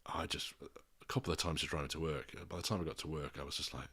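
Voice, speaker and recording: A man, a father co-hosting a podcast, talking frankly with swearing and halting restarts. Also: a bass voice, fairly even intonation, a bit bright, slightly rough. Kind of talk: candid podcast chat.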